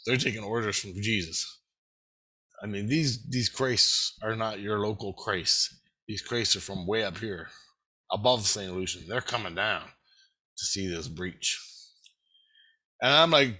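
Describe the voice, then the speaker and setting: Man, bright forceful voice, casual storytelling, rambling, excitable, swears a lot. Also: on the low side, unhurried, long pauses, rough recording.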